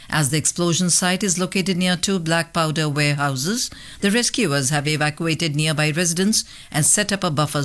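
A woman reading international news bulletins in a measured, formal way as a radio newsreader. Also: low-pitched.

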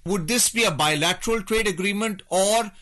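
A man's voice: high-pitched, moderate pace, pushed and bright. A man hosting a radio interview, framing long, formal questions for his guest. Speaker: radio host.

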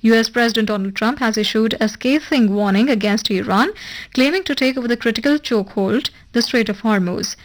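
A woman reading a formal radio news bulletin in a measured, even broadcast delivery. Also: fairly high pitch, rough recording. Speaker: newsreader. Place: radio studio.

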